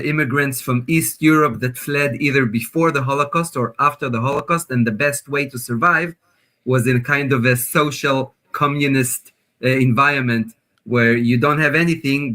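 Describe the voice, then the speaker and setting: A man's voice: medium pitch, bright, forceful tone. A man with an Israeli accent, a guest professor telling his life story earnestly in a video call interview. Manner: earnest, apologetic personal storytelling. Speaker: guest professor of biblical studies.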